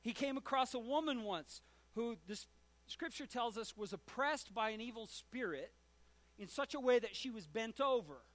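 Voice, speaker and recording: A man's voice: extremely high pitch, animated, moderate pace. A man preaching a sermon as a pastor, retelling scripture stories and acting out the quoted lines. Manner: storytelling, acts out shouted quotes.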